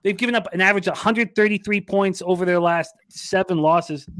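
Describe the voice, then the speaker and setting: High-voiced man cursing through betting picks. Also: a bit bright. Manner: swears a lot, frustrated, rambling. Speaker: sports betting podcast host. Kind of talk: casual sports betting talk.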